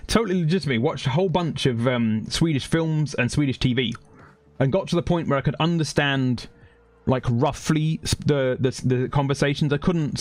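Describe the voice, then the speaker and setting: A man with a mid-range voice streams a game and chats casually, rambling and swearing freely. He laughs often and yelps when the action heats up, and there's no room sound on the recording.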